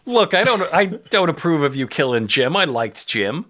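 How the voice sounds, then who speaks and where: A man voicing a thrilled male helicopter pilot, gushing with excitement in a raised voice. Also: fairly high pitch, normal speed, pitched above the performer's own voice.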